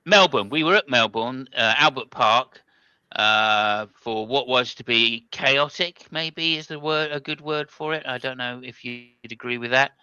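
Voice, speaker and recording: Man host, very bright crisp voice, jokey rambling casual chat, dry dull call audio. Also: mid-range voice, a little slow, no room sound. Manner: jokey, rambling, lots of fillers. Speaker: podcast host. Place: remote online call.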